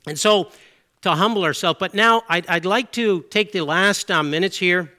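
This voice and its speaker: A man's voice: sits high, moderate pace, sharp tone. A middle-aged man from Canada preaching a sermon in an earnest, conversational way, with asides and self-corrections.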